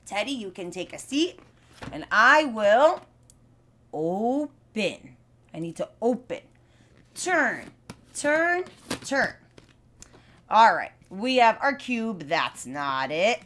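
A young woman leads a live lesson for small children, stretching and repeating each word so they can say it back. Her pitch swoops up and down a lot, and she talks very slowly. Her voice is still a bit worn from being unwell. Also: sing-song, a bit bright. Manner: slow, exaggerated, repeating words for kids to copy. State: voice still not fully recovered. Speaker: children's speech teacher.

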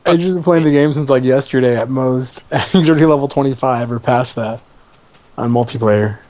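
A man's voice: medium pitch, brisk, darkish tone, no echo. A young man hosting a let's play, chatting casually with friends on a voice call, laid-back, swearing and laughing often. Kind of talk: casual gaming chat.

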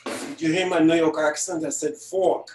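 A man's voice: on the high side, steady tone, brisk, slight background noise. Male celebrity chef demoing a cake live from his home kitchen, chatty and joking, heard from a distance. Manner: chatty, joking asides while working. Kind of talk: live online baking demonstration. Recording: echoey kitchen, distant mic.

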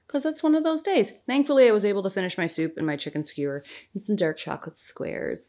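A young woman and tired mother chatting at home in a home vlog, slipping into high sing-song baby talk. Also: big pitch swings, fast, a little mellow. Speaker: mother of infant twins.

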